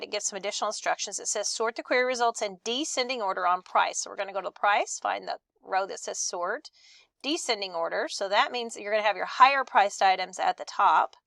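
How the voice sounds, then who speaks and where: A woman teaching a screen-recorded software lesson, reading each instruction aloud and then demonstrating it step by step. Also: medium pitch, gravelly, no room sound.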